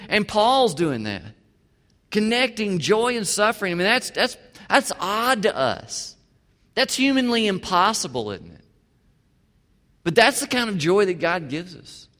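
A male pastor preaching a sermon, swinging from emphatic to quiet. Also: sits high. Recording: long hall reverb.

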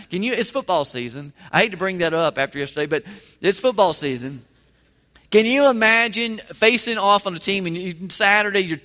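A man's voice: high-pitched, sharp tone. A man preaching a sermon in a church, talking conversationally and with emphasis, often asking the listeners questions. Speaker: pastor. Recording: long reverb of a large hall.

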